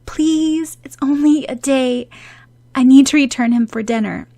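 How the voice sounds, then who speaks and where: A woman voicing a cheerful, excitable young girl heroine who talks in a high, flustered, gushing way. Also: measured pace.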